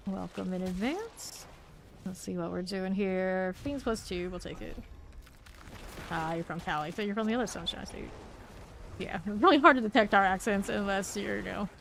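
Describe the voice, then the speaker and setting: Gravelly woman with a light Southern accent. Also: medium pitch, fairly bright tone, a little hiss or hum. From Florida. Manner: chatty, laid-back, answers chat while playing. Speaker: game streamer. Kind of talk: casual chat while playing a game.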